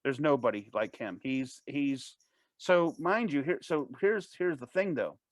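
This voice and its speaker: A man as an interview guest, telling a personal story in a casual, animated way, with frequent restarts and false starts. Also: mid-range voice, no echo. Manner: animated, fast-paced anecdote telling.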